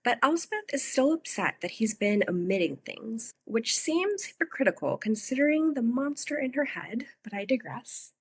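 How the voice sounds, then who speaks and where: A woman with a mid-pitched, somewhat husky voice. She runs through the chapters of a novel for a podcast, briskly summarizing and dropping in wry asides. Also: a bit bright. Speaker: podcast co-host. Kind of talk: casual book recap narration.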